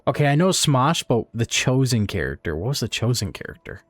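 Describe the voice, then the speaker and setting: A man's voice: mid-range voice, very animated, brisk, no room sound. A young man casually commenting on a game he streams, joking around and slipping into silly voices. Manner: jokey, does silly voices.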